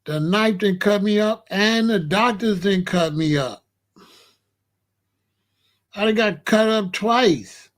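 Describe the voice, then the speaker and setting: Animated man telling a comic story. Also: high voice, takes it slowly, pauses often. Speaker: show host.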